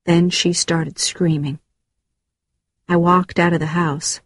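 A woman giving a measured, scripted narration of a first-person memoir. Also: on the low side, little pitch movement, slightly rough, dry recording.

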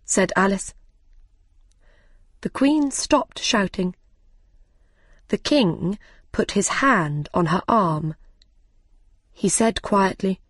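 Woman reading a kids story, super slow and lively, dry close sound. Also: mid-range voice, dry recording. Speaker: narrator.

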